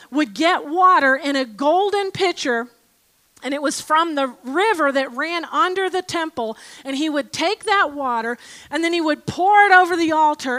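A woman giving an informal Bible teaching, reading aloud from scripture and a commentary with emphatic, expressive delivery. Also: high voice.

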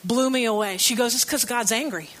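A woman's voice: on the high side, a little fast, fairly bright tone. A woman preaching a sermon in a conversational, storytelling way with light humor.

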